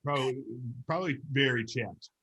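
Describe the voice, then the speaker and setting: With a medium-pitched, slightly bright voice at a moderate pace, this podcast co-host chats casually about a TV episode. His review is cheerful and talkative, sprinkled with many fillers.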